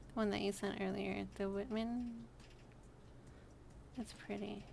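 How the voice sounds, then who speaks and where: A woman's voice: mid-range voice, level tone, measured pace, gravelly, a little mellow, a little hiss or hum. A woman streamer chatting casually while she draws, playful and self-amused. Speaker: art streamer. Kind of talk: casual chat while drawing.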